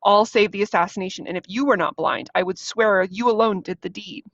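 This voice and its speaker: A woman's voice: mid-range voice, brisk, no echo, natural voice. A hot-tempered king, read by a woman. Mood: pleading, angry. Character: proud, short-tempered male king. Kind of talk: reading a play aloud. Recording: dull, dry lo-fi recording.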